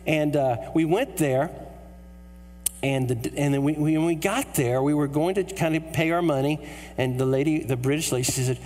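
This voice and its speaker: Animated storytelling preacher in an echoing hall. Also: male voice, on the high side, moderate pace. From United States. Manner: animated storyteller with a comic delivery. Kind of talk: sermon with humorous story. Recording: hall reverb with mains hum.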